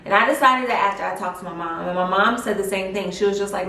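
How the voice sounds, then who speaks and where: A young woman telling a personal story in a casual vlog, chatty and animated with lots of fillers. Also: medium pitch, fast, few pauses. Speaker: vlogger. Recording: roomy echo, mic at a distance.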